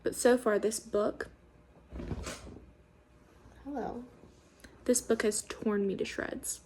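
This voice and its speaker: A woman's voice: a little high, fairly even intonation, takes it slowly, warm tone, a little hiss or hum. A woman chatting casually on a video blog about books she is reading, gushing and emotional, with many fillers. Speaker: book reviewer. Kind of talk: casual vlog book reactions.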